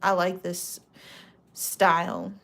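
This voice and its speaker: A craft vlogger walks through products in a casual, chatty way, rambling loosely, using plenty of slang, and correcting herself mid-sentence. Her voice is fairly low, slow, and gravelly.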